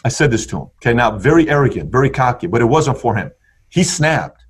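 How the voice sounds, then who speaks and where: A man's voice: mid-range voice, expressive, fast talker, slightly rough. A man telling his story in conversation with an intense, punchy motivational delivery. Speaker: guest entrepreneur.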